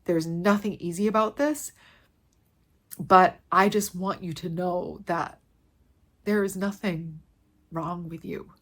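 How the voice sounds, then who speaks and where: A woman's voice: fairly low pitch, steady tone, takes it slowly, pauses often. A woman fitness coach giving an earnest, heartfelt motivational talk to her viewers, repeating key phrases for emphasis and close to tears with emotion.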